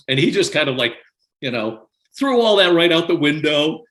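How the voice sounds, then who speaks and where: Animated older man telling stories. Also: on the high side, normal speed. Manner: animated, laughs often while telling stories. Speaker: podcast guest. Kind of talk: conversational storytelling.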